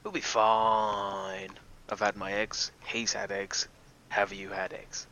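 A man playing in a tabletop role-playing game, joking in a deadpan, menacing way. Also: on the low side, slow. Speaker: player.

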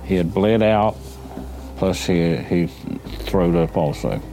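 A man's voice: deep voice, slow pace, mellow. A man hesitantly retelling what he saw, in an interview. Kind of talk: recalled interview account. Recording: faint background noise.

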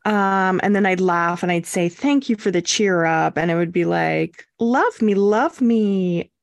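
A young woman co-hosting a podcast, telling a story in a casual, animated way and acting out quotes. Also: lowish voice, moderate pace, gravelly, no echo. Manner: animated, acts out quotes with swearing and laughs. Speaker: podcast co-host.

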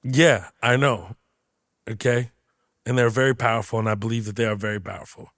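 A man hosting a comedy podcast, joking loudly and profanely in casual chat. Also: lowish voice, fairly quick, dry recording, clean studio sound. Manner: loud, profane, animated joking. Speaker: podcast host.

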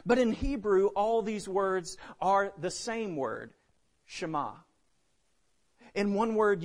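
Male preacher, high voice, dynamic delivery with big swings in volume. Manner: dynamic, swings between loud emphasis and hushed drops. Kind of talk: sermon.

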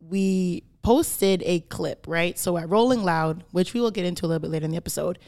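A woman's voice: lowish voice, fairly quick, a little mellow. A woman from Canada hosting a podcast, explaining her point in casual chat and checking in with "right?". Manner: emphatic, explaining with repeated "right?". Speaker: podcast host.

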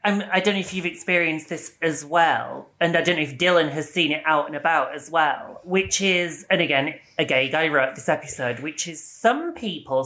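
Low-voiced woman, blunt and swearing. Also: a bit bright. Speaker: podcast co-host. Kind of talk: casual chat.

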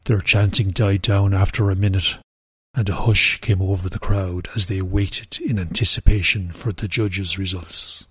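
Low husky male storyteller. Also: steady tone, normal speed. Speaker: narrator. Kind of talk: scripted storybook narration.

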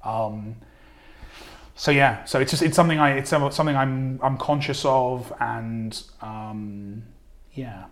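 Speaking a little slowly in a mid-range voice, this man guests on a casual podcast conversation. He's a game writer from southern England with a mildly posh accent, self-deprecating and prone to many restarts.

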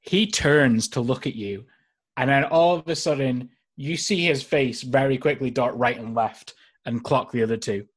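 A man narrating a tabletop game as dungeon master over a video call, with a casual, halting delivery full of fillers. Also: mid-range voice, breathy edge.

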